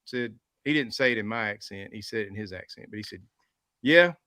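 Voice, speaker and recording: A man's voice: lowish voice, fast, pushed and bright, dry recording, clean studio sound. A man with a Southern US accent co-hosting a casual livestream, laughing along in an easygoing way. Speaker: co-host.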